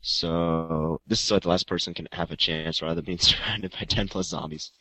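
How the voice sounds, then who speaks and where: A man's voice: deep voice, steady tone, brisk, sharp tone, a little hiss or hum. A man co-hosting a gaming podcast, describing listener creations with jokey asides. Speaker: podcast co-host. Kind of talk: casual chat.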